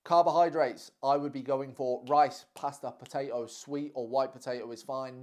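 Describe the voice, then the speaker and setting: A young man giving fitness and diet advice in a blunt, teasing, energetic way, swearing freely. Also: mid-range voice, normal speed, hardly any pauses. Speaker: fitness coach. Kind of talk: casual direct-to-camera advice.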